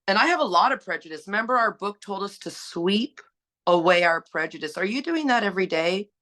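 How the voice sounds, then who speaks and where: A woman's voice: mid-range voice, animated, brisk, fairly bright tone. A woman sharing her recovery story on a panel, earnest and exhorting, asking rhetorical questions. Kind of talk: personal sharing, preachy.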